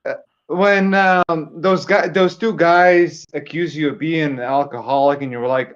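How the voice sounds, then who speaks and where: A man's voice: fairly high pitch, steady tone, normal speed. Lithuanian man on a dull lo-fi line. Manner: insistent, pushing his joke. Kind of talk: casual livestream banter.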